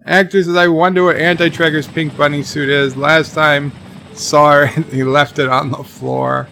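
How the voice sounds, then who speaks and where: A man's voice: on the high side, little pitch movement, moderate pace, bright, forceful tone, a little hiss or hum. A man streaming a city-building game, reading chat messages aloud and joking along with the viewers. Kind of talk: casual live-stream chat.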